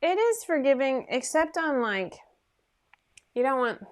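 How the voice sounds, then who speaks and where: A woman's voice: high-pitched, sing-song, measured pace. A woman hosting a casual sewing livestream from her home sewing room, chatting in a rambling, self-deprecating way into her computer microphone.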